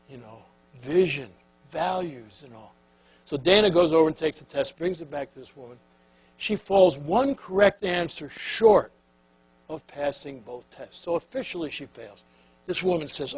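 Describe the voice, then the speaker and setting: Older man telling lively anecdotes, husky. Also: a little high, poor audio. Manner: animated anecdotes with acted-out quotes. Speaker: keynote speaker. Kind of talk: storytelling keynote speech.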